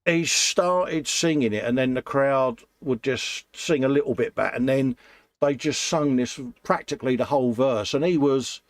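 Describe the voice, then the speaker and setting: A man's voice: mid-range voice, normal speed, no echo. Chatty man hosting a livestream. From England. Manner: chatty, warm greetings to viewers, calls people mate. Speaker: livestream host. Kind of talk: casual chat.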